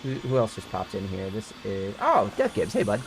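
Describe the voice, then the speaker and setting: A man's voice: fairly low pitch, huge pitch swings, moderate pace, a little hiss or hum. A man streaming a video game, chatting casually and swearing freely with friends and viewers. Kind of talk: casual live-stream chat while gaming.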